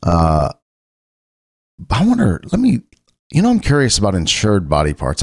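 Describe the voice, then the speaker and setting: Low-voiced rambling man from Ohio. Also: darkish tone, no echo, clean studio sound. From Cincinnati, Ohio. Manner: rambling, loose and conversational, with frequent restarts. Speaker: podcast host. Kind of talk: casual solo chat.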